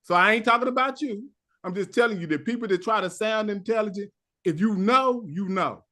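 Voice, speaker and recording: A man's voice: sits high, brisk, bright, forceful tone. A man co-hosting a podcast who argues emphatically in a heated casual debate, often restarting his sentences. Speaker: podcast co-host.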